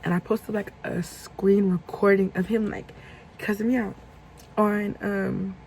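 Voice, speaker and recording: A young woman telling a casual storytime vlog, animated and profane, acting out heated quotes. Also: medium pitch, measured pace, creaky, slight background noise, rough recording. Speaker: vlogger.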